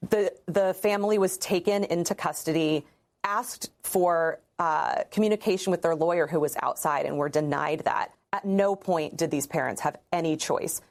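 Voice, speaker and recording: Lower-voiced woman lawyer, earnest. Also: normal speed. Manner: earnest, firm, stresses points by repetition. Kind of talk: news interview clip.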